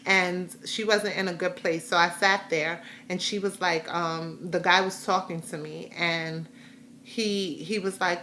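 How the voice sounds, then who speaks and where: A woman's voice: on the low side, steady tone, unhurried, pushed and bright, slight background noise. A middle-aged woman chatting casually in a rambling, heartfelt way while giving a personal health update to her viewers. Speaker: vlogger sharing a health update.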